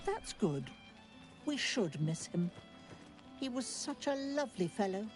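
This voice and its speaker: A genteel, affectionate female cat in a video game. She speaks at a middling pitch with a polished, doting manner. Faint game music plays underneath. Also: sing-song, a little slow, a little mellow. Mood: fond. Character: prim talking female cat, fond and doting.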